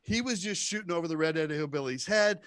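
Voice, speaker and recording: A male comedian from the rural United States telling a long story stand-up style, acting out the shouted quotes. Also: fairly high pitch, fast, no echo. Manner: animated storyteller who acts out shouted quotes.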